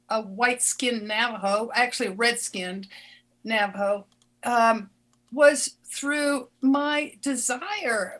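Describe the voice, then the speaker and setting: An older woman and former doctor telling a personal story in an interview, earnest and halting, often restarting her words. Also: sits high, fairly bright tone.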